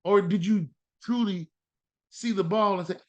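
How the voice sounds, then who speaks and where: A man hosting a fantasy football podcast in casual talk, animated and trash-talking, repeating words for emphasis. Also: high-pitched, unhurried, highs cut off.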